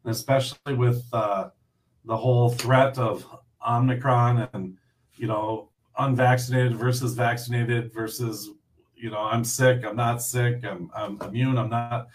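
A man's voice: medium pitch, steady tone, a little slow, recorded from a distance, slight background noise. A man hosting a casual chat, easygoing and thinking aloud between questions. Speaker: host.

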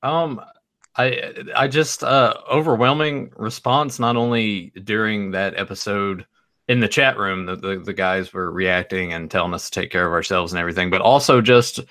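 A man co-hosting a casual live stream about toys, speaking haltingly with stammers and many uhs. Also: lowish voice, sharp tone. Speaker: co-host of a toy-collecting live show.

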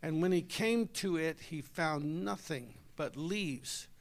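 Man, preacher, high-pitched, folksy sermon. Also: slow pace. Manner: folksy, conversational, talks with the congregation.

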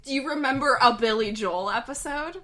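Giggling constantly, a young woman co-hosting a casual podcast tells rambling stories in a high, bright voice. She talks fairly quickly, with a forceful tone and frequent laughter.

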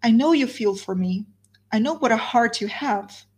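A woman's voice: a little high, animated, moderate pace, a little mellow, slightly rough. A woman reading a novel aloud, voicing a heartbroken, wildly despairing young woman who pleads and repeats her words.

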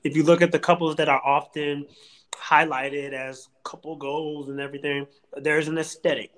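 A man with a slightly high voice co-hosts a casual podcast chat. He talks in an animated, emphatic way and leans on slang. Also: moderate pace, rough recording. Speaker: podcast co-host.

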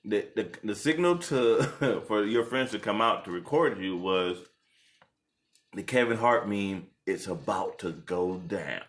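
A young man casually retelling a story with his partner, animated and laughing, jumping into high voices when quoting people. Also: a little slow. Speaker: co-host telling the proposal story. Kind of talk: casual couple chat.

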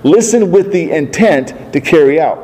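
A pastor preaching a sermon in a church hall, emphatic and full of rhetorical questions to the congregation. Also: male voice, fairly high pitch, animated, moderate pace, dark tone. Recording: long reverb of a large hall.

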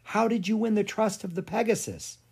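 A storyteller voicing a gentle, wise woman who hunts animals to help them, in a children's storybook. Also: mid-range voice, moderate pace, gravelly, slightly rough, pitched above the performer's own voice. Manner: gentle, soft-spoken.

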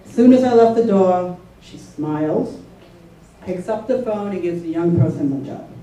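A woman's voice: fairly low pitch, lively intonation, normal speed, dark tone. Woman telling her story, far off. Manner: conversational, checks in with listeners. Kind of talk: personal storytelling talk. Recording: echoey room from far off, faint noise.

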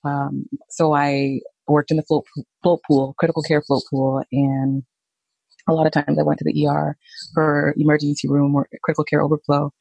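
Woman, gravelly husky voice, dry close sound, halting personal storytelling. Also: low-pitched, little pitch movement, a little mellow, dry recording, poor audio. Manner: slow, halting, reflective. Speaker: nurse telling her own story.

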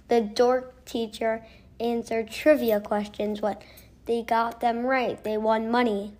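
Woman reading out loud real slow, trips on words, kinda high voice. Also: little pitch movement. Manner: halting, stumbles over words and gets corrected. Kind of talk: slow read-aloud.

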